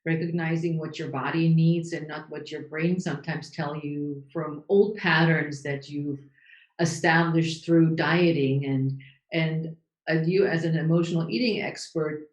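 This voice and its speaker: A woman host with a very low voice interviews her guest, affirming her points and asking long, winding questions. Her voice carries a roomy echo. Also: fairly even intonation, moderate pace, darkish tone. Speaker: podcast host. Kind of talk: casual interview chat.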